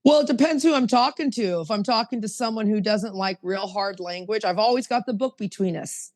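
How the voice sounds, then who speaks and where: A woman's voice: medium pitch, brisk, darkish tone, in a large hall. A woman hosting a recovery podcast, speaking emphatically and reading passages aloud from a book. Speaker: podcast host.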